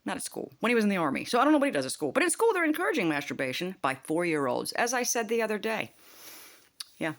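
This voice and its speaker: A woman's voice: mid-range voice, very animated, fast talker. An older woman ranting to camera in a heated, profane, rambling vlog monologue. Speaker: vlogger.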